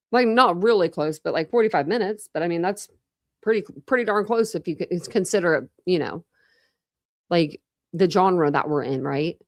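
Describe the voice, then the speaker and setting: A woman's voice: fairly low pitch, dry recording, studio quality. A woman hosting a true crime livestream, chatting casually and greeting viewers by name with lots of fillers. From Ohio, United States.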